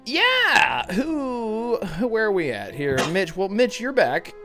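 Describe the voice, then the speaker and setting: A man's voice: high-pitched, huge pitch swings, slow pace, few pauses, sharp tone, faint music behind. A man hosting a gaming podcast in casual chat, talking loosely and laughing often. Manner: chatty, laughs often, reads chat aloud. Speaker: podcast host.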